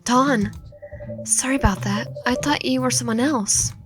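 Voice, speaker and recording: Expressive woman reading a game aloud. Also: fairly high pitch, unhurried, over music. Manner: expressive first-person reading, with stumbles. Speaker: player reading a visual novel aloud. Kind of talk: dramatic game read-through with asides.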